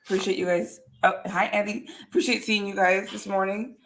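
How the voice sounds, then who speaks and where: A woman's voice: mid-range voice, brisk. A woman co-hosting a casual podcast, talking loosely with plenty of ums and uhs. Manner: relaxed, lots of fillers like um and uh. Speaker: podcast co-host. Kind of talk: casual chat.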